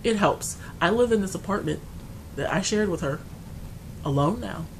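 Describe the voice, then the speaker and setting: A woman vlogger talking through her grief at home, rambling and restarting, going quiet and then loud. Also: on the low side, animated, normal speed, creaky, a little hiss or hum, low-quality recording. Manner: grieving, rambling, restarts often, swings between quiet and loud. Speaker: beauty vlogger. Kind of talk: casual personal talk to camera. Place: her apartment.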